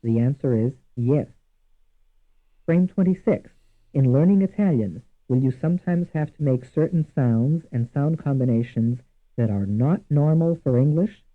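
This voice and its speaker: A man's voice: medium pitch, expressive. Tinny old language-course narrator, man. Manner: measured, deliberate, repeats each example word. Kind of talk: scripted instructional narration. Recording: tinny lo-fi archival course audio.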